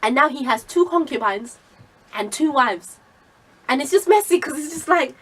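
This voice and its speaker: Woman, casual devotional speaker, storytelling with asides, slightly high voice, mic a bit distant. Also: expressive, normal speed, a bit bright. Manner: conversational storytelling with many asides. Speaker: Christian vlogger sharing a Bible message. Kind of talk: informal Bible teaching.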